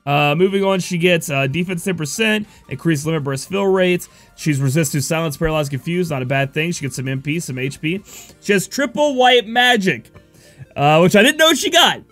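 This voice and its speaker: A young gaming YouTuber with a high-sitting voice and a sniffly cold reviews a mobile game casually. He rambles, using plenty of fillers as he reads out ability text.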